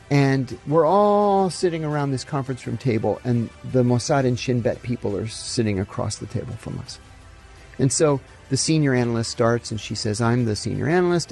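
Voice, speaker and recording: In an interview, a middle-aged former intelligence officer tells animated stories, acting out the dialogue as he goes. His voice is medium in pitch with a creaky quality.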